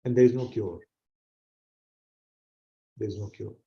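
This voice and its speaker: A man's voice: fairly low pitch, unhurried, gravelly, dark tone. A man teaching a scripture class, explaining earnestly and repeating his key phrases for emphasis. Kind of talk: explanatory sermon to an online audience. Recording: roomy, dull-sounding recording.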